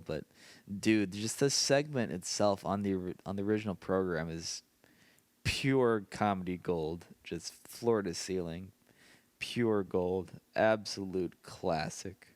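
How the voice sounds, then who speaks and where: A man's voice: lowish voice, no room sound. A tired man hosting a casual solo podcast late at night, rambling and often laughing to himself. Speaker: podcast host.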